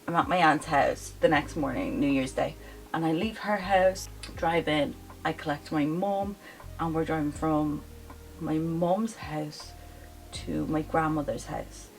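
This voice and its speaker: A young woman telling a story to her vlog audience in casual, animated chat, full of "like" fillers. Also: sits low, unhurried, creaky, low-quality recording. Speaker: vlogger. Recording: voice a bit off-mic, faint music behind.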